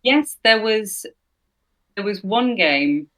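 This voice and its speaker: A woman's voice: mid-range voice, animated, slow pace, a bit bright. A woman voice actor, a guest in an interview, chatting casually and telling anecdotes with restarts. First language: English. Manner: chatty storyteller, frequent restarts and laughs.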